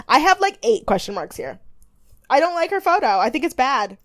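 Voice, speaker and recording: Young woman, podcast co-host, casual chat, rambling, giggly, slightly high voice. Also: animated, moderate pace. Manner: rambling and giggly, with lots of fillers and acted quotes. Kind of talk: casual chat recapping a TV show.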